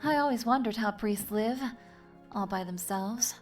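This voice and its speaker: A man doing a coy young woman in falsetto. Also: measured pace, recorded from a distance, soft background music. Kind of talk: reading game dialogue aloud.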